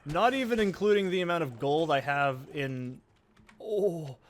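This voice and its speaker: A man's voice: on the high side, animated, unhurried. A man hosting a let's play, giving rambling, profane, self-deprecating gameplay commentary.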